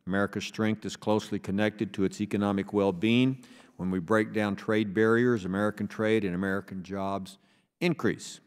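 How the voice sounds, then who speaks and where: A man from Texas chairing a congressional subcommittee hearing, reading a formal opening statement in a measured, deliberate way and slowing down for emphasis. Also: lowish voice, fairly even intonation. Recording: reverberant hearing room.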